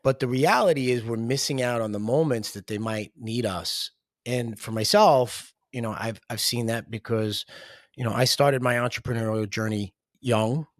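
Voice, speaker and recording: A man's voice: mid-range voice, normal speed, no room sound. Guy hosting a podcast, thoughtful long questions, dry sound. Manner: reflective, asks long questions. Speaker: podcast host. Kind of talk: podcast interview.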